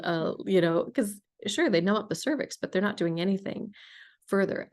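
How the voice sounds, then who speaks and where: A woman hosting a podcast interview, telling stories in a casual, emphatic and animated way. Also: mid-range voice. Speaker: podcast host.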